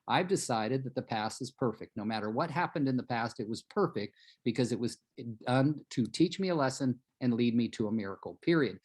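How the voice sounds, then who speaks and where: A man's voice: medium pitch, darkish tone. Earnest motivational male coach. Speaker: real estate coach. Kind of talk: live coaching call.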